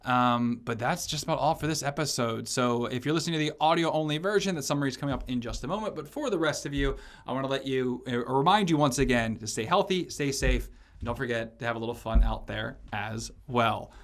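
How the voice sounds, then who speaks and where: A man's voice: medium pitch, a little fast, fairly bright tone. A man hosting a business podcast, talking loosely with many fillers and restarts. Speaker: podcast host. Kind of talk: casual podcast interview.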